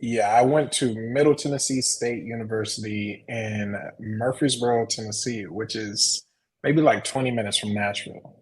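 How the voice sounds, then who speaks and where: A man's voice: on the low side, steady tone, normal speed, slight background noise, poor audio. A young man from Texas and Arkansas, a photographer guest on a podcast, speaking in a laid-back, easygoing way with dry humor. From Texas and Arkansas, USA. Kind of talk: casual interview chat.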